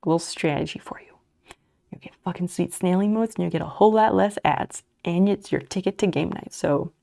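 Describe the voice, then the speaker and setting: Gravelly, mellow-voiced woman streamer. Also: lowish voice, a little fast. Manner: mutters and swears under breath while working; chats back to viewers' messages. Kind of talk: casual livestream chat while crocheting.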